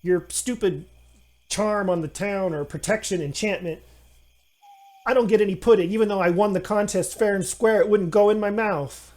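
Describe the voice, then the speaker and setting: A man's voice: high-pitched, lively intonation, unhurried, darkish tone, pitched above the performer's own voice. A man voicing a mischievous, petulant male gnome trickster who whines like a spoiled child. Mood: whiny. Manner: whiny, childish, stamping tantrum.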